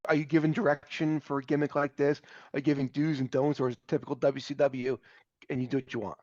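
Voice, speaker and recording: A man's voice: on the high side, flat delivery, quick pace, a little mellow, no echo. A man hosting an interview, asking short questions and reacting to his guest's stories. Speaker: host. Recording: dry, dull lo-fi sound.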